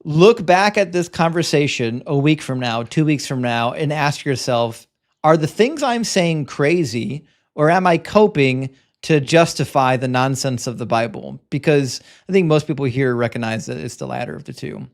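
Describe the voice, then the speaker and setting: Man, live debate host, slightly high voice, blunt and lecturing, stammers and restarts. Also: expressive, normal speed, gravelly. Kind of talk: live-stream debate and reading super chats.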